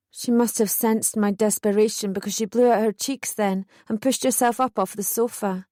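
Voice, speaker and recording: A woman reading a first-person audiobook in measured, steady scripted narration. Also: medium pitch, no room sound, studio quality.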